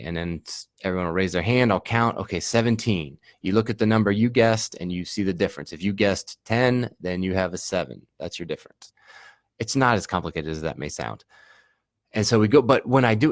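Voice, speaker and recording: A man with a very low voice talks teachers through his classroom routines, relaxed and chatty, slipping into the questions he asks his students. The sound is close and dry, with no room around it. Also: no echo. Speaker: Spanish teacher giving a workshop. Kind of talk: professional development talk.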